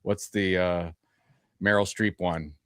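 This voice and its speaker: A man co-hosting a podcast, speaking in halting, playful casual chat with frequent restarts. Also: deep voice, fairly even intonation, fairly bright tone, clear, resonant tone, no echo. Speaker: podcast co-host.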